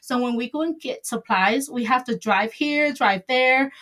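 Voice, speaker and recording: Chatty middle-aged salon owner, higher voice. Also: female voice, a little slow, fairly bright tone. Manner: chatty, rambling, loose grammar. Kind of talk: interview answers.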